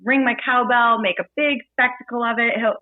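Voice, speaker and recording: A woman bartender telling lively, playful stories as a guest in a casual interview. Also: a little high, brisk, dry recording. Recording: dry phone-like audio.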